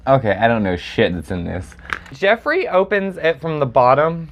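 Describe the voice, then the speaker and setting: An excitable man reviews makeup at home, talking straight into his phone camera. His voice swoops up and down with animated range, breaking into dramatic squeals and sassy asides. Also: medium pitch, moderate pace. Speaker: makeup vlogger. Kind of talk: casual makeup review chat.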